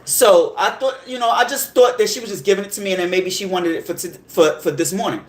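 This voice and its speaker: A man hosting a podcast, telling a story in a heated, animated rant full of profanity and repeated check-ins with the listener. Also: high voice, fast, slight background noise. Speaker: podcast host. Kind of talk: casual storytelling monologue. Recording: roomy echo.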